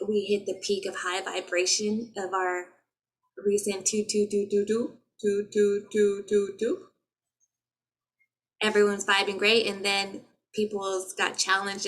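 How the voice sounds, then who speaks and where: On a low-quality laptop-mic recording, a spiritual healer with a medium-pitched, fairly bright voice speaks to her viewers. Her casual spiritual vlog talk is earnest and motivational, with chanted light language.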